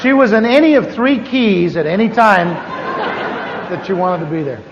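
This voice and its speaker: A man's voice: high voice, normal speed, gravelly, a crowd in the background, background noise. A middle-aged man teaching a class, telling a humorous personal testimony and acting out the voices of the people in his story. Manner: animated, acts out quoted voices. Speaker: church teacher. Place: large church hall. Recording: echoey hall, dull 1980s tape.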